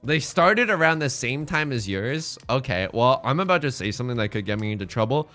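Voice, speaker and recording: A young man streaming an online mahjong game, chatting casually and telling rambling, animated stories with quick self-corrections. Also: mid-range voice, soft background music. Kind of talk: casual chat while playing online mahjong.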